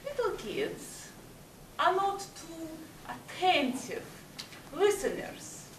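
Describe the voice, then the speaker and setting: A woman leading speaking exercises at a public speaking club, talking slowly and emphatically with swooping pitch. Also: big pitch swings. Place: meeting hall. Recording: echoey hall from far off, faint hiss.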